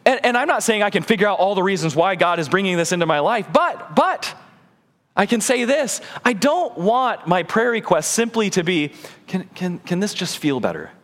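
A man preaching a sermon as pastor, earnest, moving between urgent emphasis and quiet, soft passages. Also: lively intonation, moderate pace. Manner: earnest, swings between high urgent and low soft delivery. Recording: long hall reverb.

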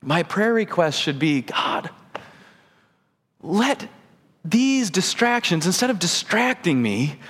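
A man preaching a sermon as pastor, earnest, moving between urgent emphasis and quiet, soft passages. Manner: earnest, swings between high urgent and low soft delivery. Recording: long hall reverb.

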